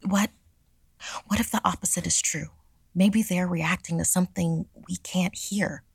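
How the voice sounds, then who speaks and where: A woman's voice: on the low side, steady tone, a little slow, vocal fry, breathy edge, dry recording, studio quality, pitched above the performer's own voice, heavily acted. A woman voicing a frightened teenage girl who whispers urgently in a horror story.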